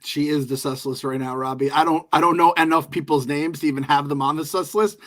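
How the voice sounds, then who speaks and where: A man's voice: a little high, steady tone, fairly quick, a bit bright. A man co-hosting a podcast, chatting loosely about a TV episode, joking and swearing often. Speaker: podcast co-host. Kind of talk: casual show recap chat.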